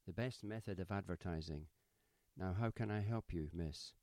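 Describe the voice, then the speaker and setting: A man's voice: sits low, moderate pace, warm tone, no echo, natural voice. Man voicing a fussy, genteel old shopkeeper. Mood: courteous. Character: fussy older male shopkeeper, genteel and eager.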